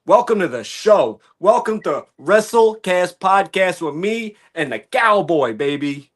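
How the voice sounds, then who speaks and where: A man's voice: high-pitched, very animated, measured pace. A man guesting on a wrestling podcast, talking in a brash, cocky and playful way. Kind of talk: casual podcast chat.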